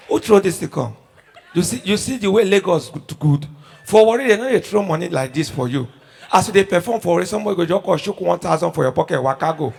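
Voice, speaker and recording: With a high, creaky voice and a quick delivery, a young Nigerian man performs animated Pidgin storytelling in a stand-up routine at a live comedy show. There's some chatter in the background and a little hiss or hum.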